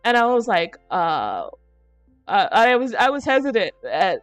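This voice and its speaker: A woman's voice: on the high side, big pitch swings, a little slow, no room sound, faint music behind. A young adult woman chatting on a casual stream, telling rambling stories, laughing often and swearing casually. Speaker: VTuber streamer.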